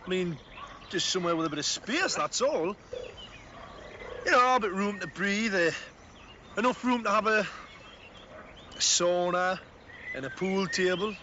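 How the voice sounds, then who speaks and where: A cocky builder. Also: male voice, high voice, lively intonation, measured pace, long pauses, sharp tone, full character voice. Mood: boastful. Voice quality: cocky, jokey. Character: brash boastful working-class male builder abroad. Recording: dull TV soundtrack with noise.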